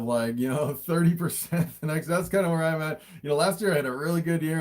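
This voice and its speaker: A man's voice: fairly high pitch, a little mellow. A man chatting casually on a livestream, answering viewer questions, laughing often, with his throat a little sore, recorded on a phone camera. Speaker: livestream host and snake breeder.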